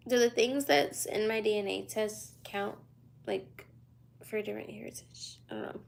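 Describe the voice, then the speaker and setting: A woman's voice: a little high, creaky, fairly bright tone. A woman in her twenties from the United States, tired and yawning, chatting casually on a livestream from a hotel room at night. She reads viewer questions aloud and answers in a loose, slangy drawl. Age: 20s.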